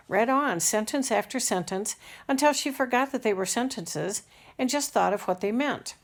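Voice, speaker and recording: Woman, audiobook narrator for a children's classic, mid-range voice with vocal fry. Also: medium pitch. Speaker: audiobook reader. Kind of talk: scripted narration of a children's novel.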